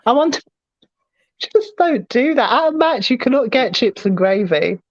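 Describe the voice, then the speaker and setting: A woman with a London accent chats animatedly, her pitch rising and falling widely as she tells stories and laughs often. Her voice sits a little high and sounds dry and slightly dull, as if over a lo-fi phone link. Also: animated, normal speed, no room sound. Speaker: podcast co-host. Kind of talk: casual chat.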